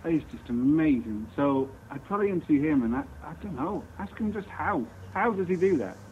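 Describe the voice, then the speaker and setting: Piano guy, bit high voice, halting and keen, tinny phone-line sound. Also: animated, a little hiss or hum. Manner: earnest, halting, enthusiastic. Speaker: musician guest, pianist. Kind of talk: casual chat.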